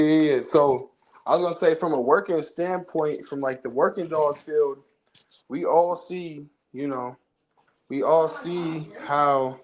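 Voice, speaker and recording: A man's voice: medium pitch, poor audio. A man speaking as a guest on a casual podcast, earnest and checking in with "right?" as he explains. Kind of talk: casual livestream podcast talk.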